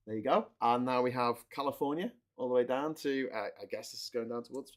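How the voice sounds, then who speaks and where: During a casual live chat, a host builds a model while talking fast in a medium-pitched voice. He's chatty and jokey, rambling along and frequently correcting himself.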